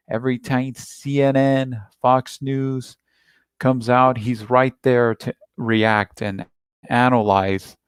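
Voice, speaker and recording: A man's voice: medium pitch, dry recording. A man hosting a reaction video, talking through a played clip in a rambling, repetitive, defensive way. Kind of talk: casual commentary on a played clip.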